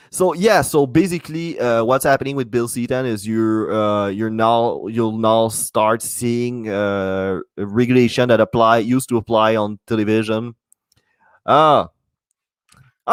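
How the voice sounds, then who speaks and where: A man's voice: fairly low pitch, measured pace, hardly any pauses, smooth, dry recording. Rambling, foul-mouthed man on a podcast. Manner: rambling, profane, many false starts. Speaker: podcast host. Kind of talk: solo podcast monologue.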